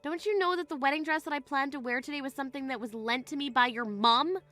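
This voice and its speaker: A woman's voice: sits high, fast talker, bright, forceful tone, faint music behind. A woman playing a firm, wronged young bride. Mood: upset. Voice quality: firm, indignant. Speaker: voice actor. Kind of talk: text-message drama reading.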